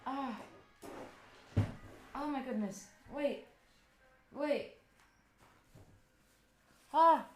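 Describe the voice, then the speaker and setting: She speaks extremely slowly in a high voice, pausing often, with background noise behind her. A native Italian speaker from Italy, she live streams, chatting casually with viewers, thinking aloud while setting up and speaking straight to chat.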